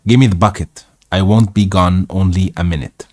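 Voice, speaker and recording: A man's voice: sits low, steady tone, normal speed, darkish tone, no echo, studio quality. A man voicing a mischievous young boy who coaxes a friend, read aloud. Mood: coaxing.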